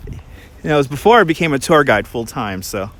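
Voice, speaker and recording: A man's voice: mid-range voice, big pitch swings, a bit bright. A man with a Brooklyn accent, a tour guide chatting casually on a livestream as he walks through a snowy park. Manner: chatty, quick, with frequent restarts and laughs. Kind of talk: casual livestream chat while walking.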